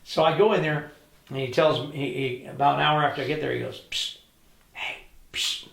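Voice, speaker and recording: An older man with a gravelly, somewhat high-pitched voice tells stories in a casual interview. He re-enacts the conversations he is recalling. The sound is roomy and echoey. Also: steady tone, fast talker. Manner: vivid anecdotal storyteller, re-enacts dialogue. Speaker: interview guest. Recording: roomy echo.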